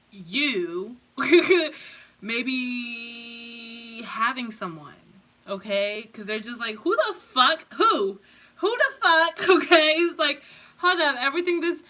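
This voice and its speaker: Bright-voiced woman giving casual tarot reading. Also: mid-range voice. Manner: rambling, profane, laughs often. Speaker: tarot reader.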